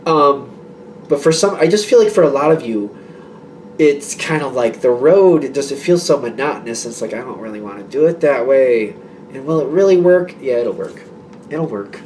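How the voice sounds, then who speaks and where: A man's voice: medium pitch, expressive, normal speed, a little mellow, recorded from a distance, a little hiss or hum. A man giving a casual tarot reading to his viewers, rambling and reassuring, with many fillers and restarts. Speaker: tarot reader.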